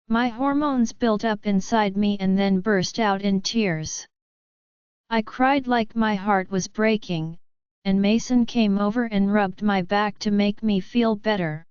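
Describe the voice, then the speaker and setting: A woman reading a first-person romance story aloud in a slow, steady way. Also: mid-range voice, smooth, dry recording. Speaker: narrator. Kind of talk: first-person audiobook narration. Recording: dull lo-fi audio.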